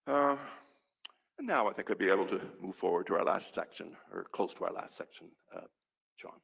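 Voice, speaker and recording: A man's voice: low voice, expressive, brisk, gravelly, fairly bright tone, low-quality recording. An older man, a physician, giving earnest, emphatic testimony at a public hearing. He is a little out of breath and repeats key points for stress.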